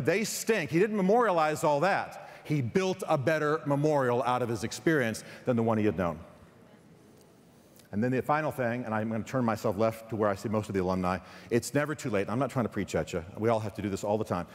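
A man with a Texan accent giving a chapel sermon, telling stories with quick asides and restarts. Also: mid-range voice. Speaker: guest speaker. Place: large hall. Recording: long hall reverb.

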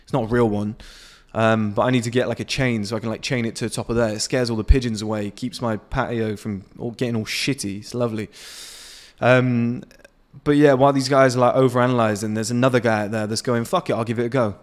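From his patio outdoors, a men's self-improvement vlogger in his late twenties launches into an unscripted motivational rant to camera, blunt and liberally profane. He speaks a little fast, at medium pitch with fairly even intonation.

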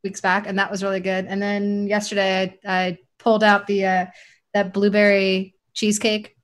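A woman's voice: mid-range voice, monotone, moderate pace. Woman, casual chat, rambling, lots of ums and restarts. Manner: rambling, many fillers and restarts. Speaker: e-liquid mixing podcast co-host.

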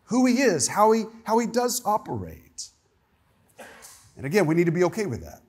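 A man's voice: sits high, wildly swooping pitch, moderate pace, a little mellow, breathy edge. A man, a pastor, preaching an emphatic sermon in a church, often repeating the first words of a phrase. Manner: emphatic, with many repeated word starts. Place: church sanctuary.

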